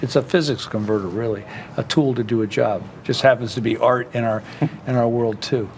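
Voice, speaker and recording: An older man, a guitar maker, chatting in an interview, halting and restarting, then rushing through thoughts in quick bursts. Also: medium pitch, steady tone, a little mellow, a little hiss or hum. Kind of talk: casual interview chat. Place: trade show floor.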